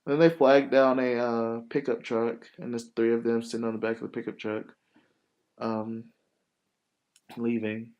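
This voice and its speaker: A man hosts a casual podcast, telling a movie plot with lots of fillers and cursing. His pitch sits in the middle range for a man. The delivery is loose and animated. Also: measured pace, pauses often, muffled recording. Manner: rambling, profane, animated storytelling with many fillers. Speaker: podcast host.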